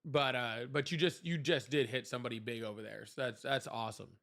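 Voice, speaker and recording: A man's voice: mid-range voice, steady tone, a little fast, vocal fry, a bit bright. A young man hosting a casual livestream, chatting with viewers, thanking them and laughing often. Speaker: livestream host.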